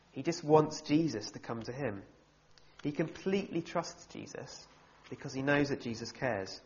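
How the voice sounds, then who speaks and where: Humorous, animated male preacher. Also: medium pitch. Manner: humorous and animated, with wry asides. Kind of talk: sermon. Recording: slightly dull, muffled sound.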